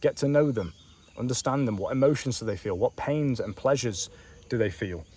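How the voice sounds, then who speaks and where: A man's voice: medium pitch, normal speed, a little mellow, breathy edge. A man giving a casual outdoor vlog monologue as a business coach, blunt and profane, full of slang, talking straight at the listener. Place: outdoors on a bench in a warm country.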